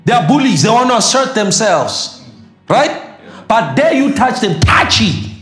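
A man's voice: very high voice, very animated, measured pace, fairly bright tone, echoey room, soft background music. A middle-aged male pastor from South Africa preaching a sermon, emphatic and repetitive, with sudden bursts and laughter.

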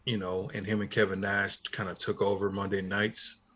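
Bright-voiced man reminiscing casually. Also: on the low side, little pitch movement, moderate pace, a little hiss or hum. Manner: laid-back, reminiscing, trailing restarts. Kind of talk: casual wrestling talk.

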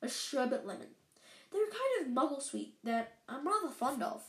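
A woman voicing a gentle, calm old wizard headmaster in a storybook reading. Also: high-pitched. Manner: gentle, unhurried. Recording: roomy echo.

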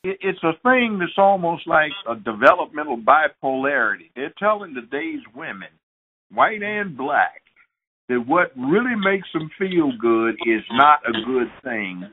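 A man's voice: fairly high pitch, big pitch swings, measured pace. A man guest on an interview show, telling stories and giving advice in an emphatic, lecturing way. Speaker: guest, judge. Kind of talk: interview talk, storytelling and advice. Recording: phone-like narrow sound.

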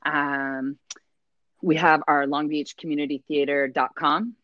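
A woman's voice: low-pitched, flat delivery, unhurried, no echo. A woman guest who leads a community theater, chatting casually and laughing easily. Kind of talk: casual interview chat. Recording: slightly dull, dry sound.

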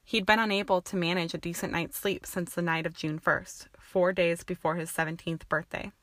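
A woman narrating a fan-fiction audiobook with an even, steady reading. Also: fairly low pitch, normal speed, no echo.

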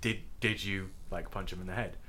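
A man's voice: low voice, steady tone, brisk, crowd noise. A man co-hosting a podcast, blunt and dry-humoured in casual chat. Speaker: podcast co-host.

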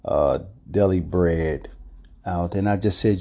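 A man's voice: low voice, takes it slowly, warm tone. A man hosting a casual solo podcast, rambling and hesitant with many fillers. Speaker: podcast host.

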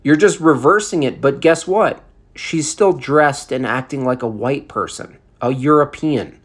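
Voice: medium pitch, unhurried, breathy edge. A vlog commentator ranting about photographs in a heated, sarcastic way, with many fillers.

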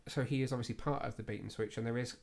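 A man hosts a relaxed podcast, talking through a film review in a chatty, self-deprecating way. His voice sits at an ordinary middle pitch, and his talk is full of fillers and restarts. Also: rapid-fire, gravelly. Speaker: podcast host. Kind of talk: casual film review chat.

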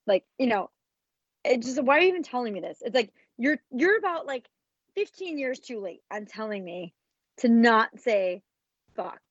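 A woman's voice: mid-range voice, moderate pace, no room sound, muffled recording. A woman in her thirties co-hosting a podcast, chatting casually and frankly, swearing freely. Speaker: podcast co-host. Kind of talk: casual chat.

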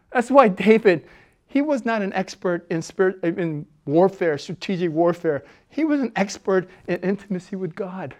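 A man preaching a sermon as a pastor. He talks conversationally with fillers, and swings between loud, emphatic preaching and soft, low asides. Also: animated, moderate pace. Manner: conversational, with fillers and self-corrections.

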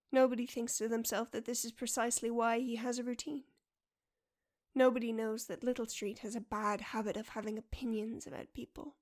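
A woman narrating a story in a soft, quiet and measured voice, sometimes dropping near a whisper. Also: a little high. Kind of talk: storybook reading.

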